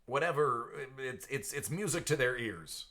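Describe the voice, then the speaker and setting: A man's voice: medium pitch, expressive, moderate pace, bright, forceful tone. A man hosting a casual live stream, chatting with viewers by name and laughing often. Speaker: live stream host for card breaks. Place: at home.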